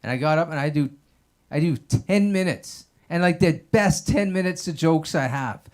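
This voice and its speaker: A man on an open mic stage doing stand-up with a somewhat high voice. He rambles loosely through his bits, leaning on filler words like "like" and "man" as he goes. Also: expressive, moderate pace, darkish tone. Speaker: stand-up comedian. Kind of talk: stand-up comedy set.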